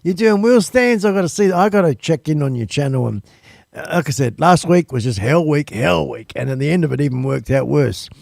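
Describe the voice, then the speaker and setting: A man's voice: on the high side, expressive, brisk, vocal fry, a little mellow, dry recording, studio quality. A man hosting a live stream, chatting casually and rambling with lots of ums and uhs. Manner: easygoing, swears casually.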